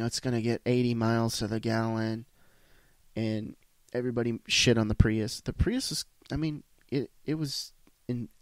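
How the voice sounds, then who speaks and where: A man's voice: medium pitch, no echo. A man hosting a solo podcast, ranting bluntly with lots of swearing and restarts. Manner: blunt, profane, rambling with restarts. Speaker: podcast host.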